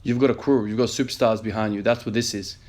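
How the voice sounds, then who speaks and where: A man's voice: on the low side, steady tone, fast talker, darkish tone. A man in his thirties, an emergency nurse, earnestly telling a story in a motivational vlog with many fillers. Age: 30s.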